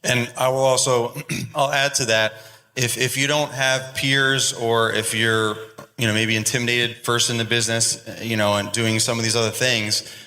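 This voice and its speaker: Podcast host guy, bright forceful voice, pumping up the crowd, echoey hall. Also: medium pitch, level tone, moderate pace. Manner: hype-man encouragement, rallying the crowd. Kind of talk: live podcast interview before an audience. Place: large expo hall with live audience. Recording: long hall reverb.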